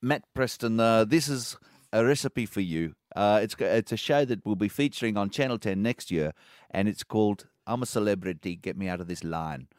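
A man's voice: on the low side, moderate pace, no room sound. A man co-hosting breakfast radio, cheeky and comic in studio banter. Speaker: radio co-host. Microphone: studio microphone.

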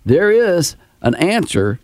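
A man's voice: sits high, very animated, darkish tone, no room sound, studio quality. A man hosting a morning radio show, teasing his co-hosts in playful banter. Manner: playful, teasing, drawn-out emphasis. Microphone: studio mic.

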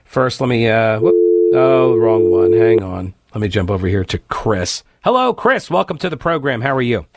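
A man hosting a political talk radio show, giving animated, exasperated commentary with many fillers and restarts. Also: mid-range voice, normal speed, creaky, a little hiss or hum.

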